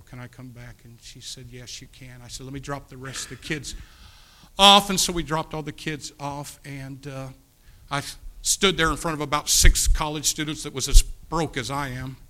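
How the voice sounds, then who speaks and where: Earnest preacher telling a story. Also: male voice, medium pitch, steady tone, normal speed. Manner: earnest, pleading, swings from loud to hushed. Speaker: pastor. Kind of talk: storytelling sermon.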